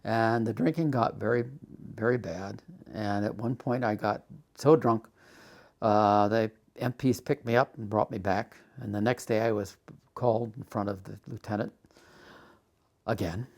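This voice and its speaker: An older man telling his life story for a documentary, halting and full of restarts. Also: on the low side, darkish tone. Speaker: documentary interviewee. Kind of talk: personal storytelling.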